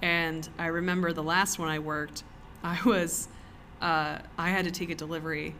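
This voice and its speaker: Animated woman telling stories on a podcast. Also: low-pitched, moderate pace, slight background noise. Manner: animated storyteller, laughs often. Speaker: podcast co-host. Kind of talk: casual podcast chat. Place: cellar.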